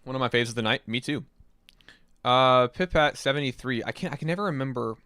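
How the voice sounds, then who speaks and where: A young man streaming live, reacting to listener-submitted songs and chatting with his viewers in a casual, excitable way that includes swearing. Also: mid-range voice, a little fast, smooth, dry recording. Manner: enthusiastic, chatty, swears casually, reads chat aloud. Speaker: streamer reviewing submitted music.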